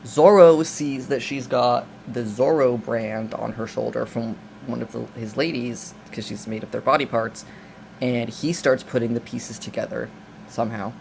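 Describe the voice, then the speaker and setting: A man talking casually through a film plot, rambling and joking with many restarts and asides. His voice sits at a middling pitch. A faint air-conditioner hum runs underneath. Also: fairly even intonation, moderate pace, vocal fry, a little mellow. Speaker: video essayist. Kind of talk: casual film recap and commentary.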